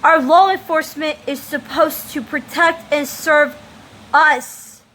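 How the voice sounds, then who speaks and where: A woman's voice: sits high, steady tone, sharp tone, low-quality recording. A woman from the United States speaking an emphatic, impassioned opinion monologue as a vlogger. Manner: impassioned, emphatic, slow deliberate delivery.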